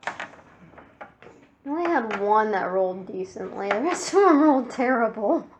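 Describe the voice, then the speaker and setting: A woman's voice: fairly high pitch, expressive, moderate pace, slight background noise. A woman playing a tabletop game, hesitant and full of ums as she asks about her options. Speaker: player. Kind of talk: casual tabletop play. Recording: dull lo-fi recording.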